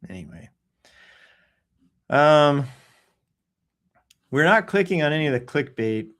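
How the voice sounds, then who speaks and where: Man, livestream host, casual joking tone, hums little sound effects, clears throat a lot. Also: a little high, big pitch swings, slow, fairly bright tone. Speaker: livestream host reading news and posts. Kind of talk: casual live-stream commentary. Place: at home in Texas.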